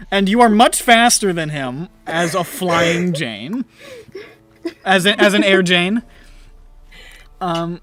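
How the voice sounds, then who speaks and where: Excitable high-voiced male game master. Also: takes it slowly, long pauses, no echo. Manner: laughing often, swearing, excitable. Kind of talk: narrating a tabletop game.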